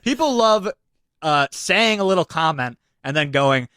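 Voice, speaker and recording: Bright, lively young man chatting. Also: on the high side, unhurried, clear, resonant tone, no echo, studio quality. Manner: laughs often, trails off and restarts, swears casually. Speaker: podcast co-host. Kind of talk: casual chat.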